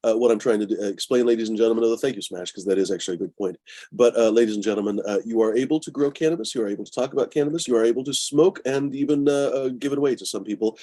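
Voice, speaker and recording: A man's voice: mid-range voice, very fast, dark tone, no room sound. A man hosting a cannabis talk show, talking casually with a profane, fired-up and sarcastic manner. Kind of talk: casual live-stream rant and disclaimer.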